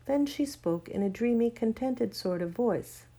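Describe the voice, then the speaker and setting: A woman narrating a children's storybook aloud in a gentle, measured way. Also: fairly high pitch, expressive. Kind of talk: storybook reading.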